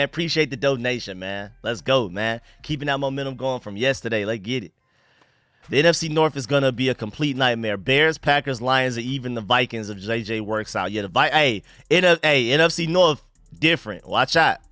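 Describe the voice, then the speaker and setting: A young man from the United States hosting a live stream, chatting casually and shouting out viewers and donations. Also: medium pitch, no echo, clean studio sound. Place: home room.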